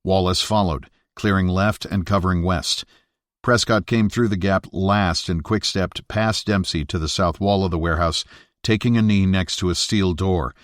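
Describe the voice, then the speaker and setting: Deep-voiced man reading a thriller. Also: no echo, studio quality. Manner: steady, measured thriller reading. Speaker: audiobook narrator. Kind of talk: scripted narration.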